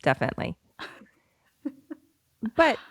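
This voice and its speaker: A woman's voice: slow pace, no room sound. A woman in her thirties, a podcast co-host, chatting casually in a bubbly, giggly, rambling way. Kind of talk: casual chat.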